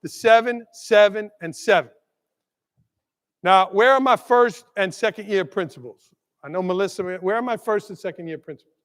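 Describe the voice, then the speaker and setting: A man giving an energetic motivational keynote to school administrators, acting out quick exchanges with staff and parents. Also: very high voice. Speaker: keynote speaker. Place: large conference hall. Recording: long hall reverb.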